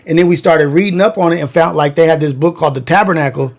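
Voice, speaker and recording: A man from Long Beach spins stories from his teenage years in a loose, rambling way, with lots of "like" and slang. His voice sits a bit high for a man. He talks casually to a livestream chat. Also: quick pace. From Long Beach, California. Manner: loose slangy storytelling, many fillers. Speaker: livestream host.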